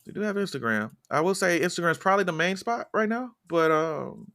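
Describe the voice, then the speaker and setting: A man's voice: sits high, a little fast, creaky. A man co-hosting a music podcast in casual, jokey chat. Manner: animated, jokey, breaks into loud impressions. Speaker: podcast co-host.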